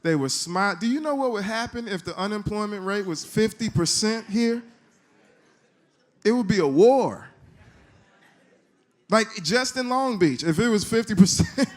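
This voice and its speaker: A man speaking at a church service, telling a trip story in a relaxed, joking conversational way. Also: high voice, normal speed, long pauses. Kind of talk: sermon testimony.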